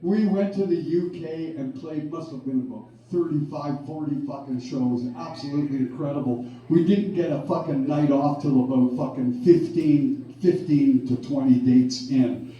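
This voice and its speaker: A man's voice: fairly high pitch, moderate pace, mellow, highs cut off. A man from Canada, a band frontman, telling a rowdy, profane story on stage between songs. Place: live music club stage. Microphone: stage vocal mic through the PA. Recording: echoey club sound from far off.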